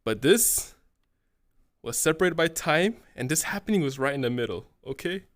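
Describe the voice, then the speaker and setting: A man's voice: a little high, animated, normal speed, no echo. A young man in his twenties telling a long profane story to his chat. He rambles, swears constantly and tacks "right?" onto nearly every phrase. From California. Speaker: streamer.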